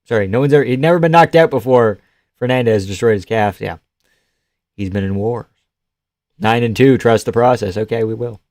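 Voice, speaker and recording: A man's voice: mid-range voice, a little fast, pauses often, darkish tone, no room sound, clean studio sound. A young man hosting a casual live stream, laughing often and swearing easily as he reacts to the chat.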